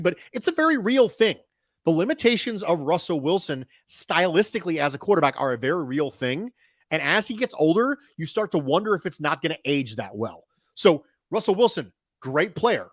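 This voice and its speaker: A man's voice: a little high, no echo, clean studio sound. A man talking football on a podcast, emphatic and analytical, often repeating a point for stress. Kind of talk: casual sports podcast talk.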